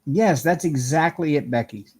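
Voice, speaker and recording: A man's voice: a little high, moderate pace, darkish tone, husky, no room sound. A man hosting a casual live stream from his apartment, chatting in a rambling way and greeting viewers by name. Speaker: livestream host chatting with viewers. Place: home apartment.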